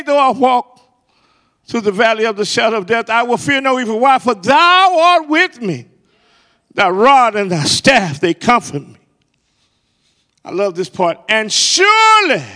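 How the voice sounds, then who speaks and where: A middle-aged man preaching a sermon, building to impassioned peaks and dropping to hushed, gentle words. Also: very high-pitched. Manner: impassioned rising cadence, then hushed and soft.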